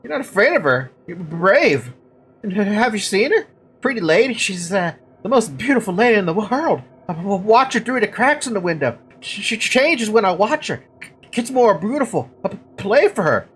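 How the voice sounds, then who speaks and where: A woman's voice: medium pitch, big pitch swings, normal speed, slight background noise, pitched above the performer's own voice, lightly acted. A woman voicing a timid, lovesick male violinist from a village who stutters heavily and pleads. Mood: pleading.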